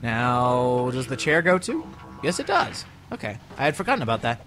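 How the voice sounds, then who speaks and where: A man's voice: medium pitch, big pitch swings, moderate pace, fairly bright tone, soft background music. A young man giving rambling, joking commentary over a video game. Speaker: let's play commentator. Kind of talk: gameplay commentary.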